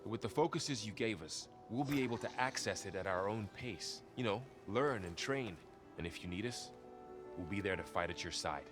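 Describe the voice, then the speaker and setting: Man playing a friendly young warrior, very deep voice, easygoing, game music behind. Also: lively intonation, moderate pace, natural voice. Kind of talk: video game dialogue.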